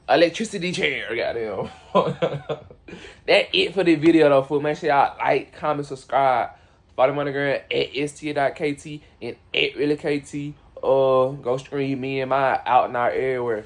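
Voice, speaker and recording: A young man hosting a reaction video, bantering casually in loose slang and laughing often, recorded outdoors on a windy day. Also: medium pitch.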